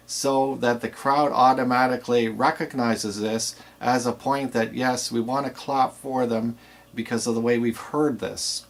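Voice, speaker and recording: A man's voice: mid-range voice, steady tone, moderate pace. A man teaching aspiring DJs in a plain, explanatory way with some fillers. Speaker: DJ instructor. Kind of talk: instructional video talk.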